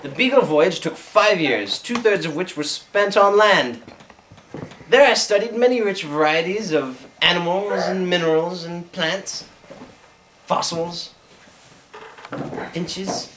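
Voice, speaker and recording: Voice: mid-range voice, slow pace, long pauses, fairly bright tone. A performer playing an earnest, rambling male Victorian naturalist in an amateur comedy skit, now and then slipping into a mock Australian twang. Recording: distant home video, faint hiss.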